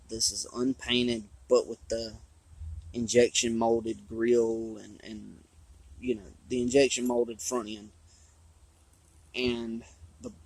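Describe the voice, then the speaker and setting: A man, chatting casually and rambling about his hobby, his voice hoarse from talking a long time. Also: lowish voice, darkish tone, low-quality recording. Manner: rambling, drawling, with restarts. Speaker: RC hobby vlogger. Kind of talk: casual trailside chat. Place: outdoors on a trail.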